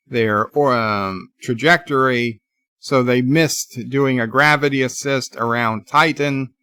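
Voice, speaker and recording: A man's voice: mid-range voice, bright, forceful tone, clean tone, no room sound, studio quality. A man giving a casual, rambling live review of a TV episode, with many restarts, retelling scenes. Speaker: YouTube TV reviewer.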